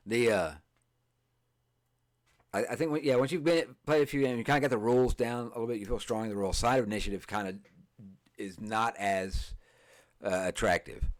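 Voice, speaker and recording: A man hosting a tabletop game podcast, chatting casually and reading game rules aloud, halting often, restarting phrases and filling pauses. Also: lowish voice. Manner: halting, many fillers and restarts, stumbles over words. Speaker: podcast host. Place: streamed podcast setup.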